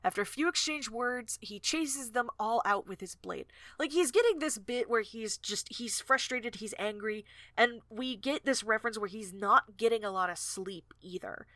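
A woman co-host chatting casually about a book, retelling scenes with plenty of fillers. Her voice is bright and a touch high. The sound is dry and close. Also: normal speed, hardly any pauses, no echo. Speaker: podcast co-host. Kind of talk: casual book-discussion chat.

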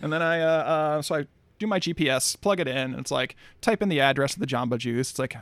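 Gravelly man spinning a rambling tall tale. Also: a little high, fast, a bit bright, dry recording. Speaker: podcast co-host. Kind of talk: casual comedic storytelling.

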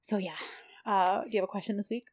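A woman co-hosting a casual podcast chat, retelling a TV episode with lively acted-out lines. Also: medium pitch, quick pace, slightly rough. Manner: animated retelling, acting out characters' lines. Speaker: podcast co-host.

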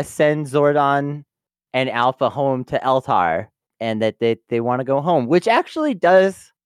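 Animated, exasperated man chatting. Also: a little high, clean tone, no room sound, clean studio sound. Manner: exasperated, laughs often, swears. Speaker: podcast co-host. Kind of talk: casual review chat.

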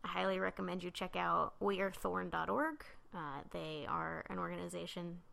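A woman's voice: on the low side, moderate pace, creaky, a bit bright. A young adult woman co-hosting a casual true-crime podcast, blunt and casually swearing. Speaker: podcast co-host.

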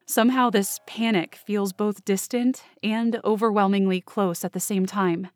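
A woman's voice: medium pitch, fairly even intonation, measured pace, no room sound. A woman reading first-person scripted narration for a fiction podcast, in a close, anxious inner-monologue manner.

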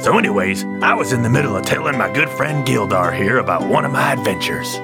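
Man, gravelly voice, jokey drawl, animated pitch, loud music underneath. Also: quick pace. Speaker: player. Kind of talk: in-character tabletop role-play.

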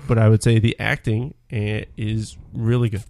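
A man's voice: fairly low pitch, little pitch movement, normal speed, creaky, dark tone. A man co-hosting a podcast in casual chat, hesitant and thinking aloud. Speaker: podcast co-host.

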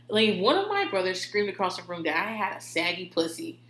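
A woman's voice: medium pitch, sing-song, normal speed, a bit bright, a little hiss or hum. A woman telling rambling, profane stories in a casual way, laughing often. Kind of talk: casual storytelling. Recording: roomy echo.

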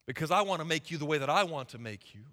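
A man's voice: fairly high pitch, animated, rapid-fire, sharp tone. A young man preaching a sermon in a church, impassioned, with folksy turns of phrase. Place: church sanctuary. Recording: reverberant hall.

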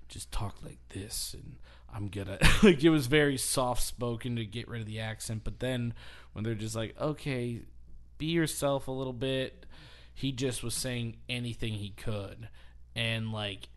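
A man in casual podcast chat, spinning a loose, rambling story at an easy clip. His voice sits in an ordinary middle pitch, and he laughs as he talks. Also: fairly even intonation, a little slow. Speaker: podcast host.

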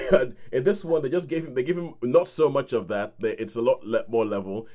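A man's voice: mid-range voice, brisk, darkish tone. Chatty man reviewing a film. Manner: chatty, laughing, acts out reactions and hums tunes. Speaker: film review podcast host. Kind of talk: casual film review chat.

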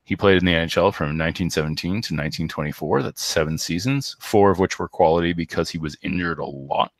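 A man with a deep, low voice talks hockey in a casual, wandering way, stopping and restarting his thoughts with plenty of fillers. When he reads numbers he speeds into a flat run. The sound is dry and close. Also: quick pace, no echo. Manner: rambling, hesitant, many fillers and restarts. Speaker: podcast co-host.

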